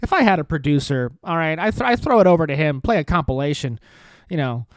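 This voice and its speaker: A man's voice: fairly high pitch, expressive, fast talker, no echo. A man hosting a comedy podcast, ranting in a profane, sarcastic and rambling way, often cutting himself off. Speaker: podcast host.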